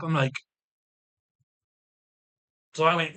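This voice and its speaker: A man's voice: a little high, expressive, moderate pace, fairly bright tone. A middle-aged man ranting in a casual monologue, swearing heavily, restarting and repeating phrases as he goes, and sometimes mimicking other people's voices. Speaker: vlogger.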